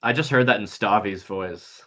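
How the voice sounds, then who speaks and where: A man co-hosting a casual sports podcast, joking and quick to riff. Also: on the low side. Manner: joking, animated. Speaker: podcast co-host.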